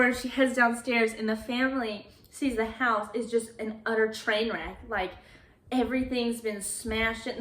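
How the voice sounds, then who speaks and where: Woman host, casual film recap, acts out lines; higher-pitched, roomy echo. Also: fairly bright tone. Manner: chatty, acts out characters' lines. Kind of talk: casual movie plot recap.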